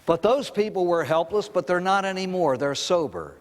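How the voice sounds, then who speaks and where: A man's voice: sits high, moderate pace, long reverb tail. An older man, a priest, giving a recovery talk to an audience, telling stories and asking rhetorical questions. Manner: storytelling, animated, with rhetorical questions.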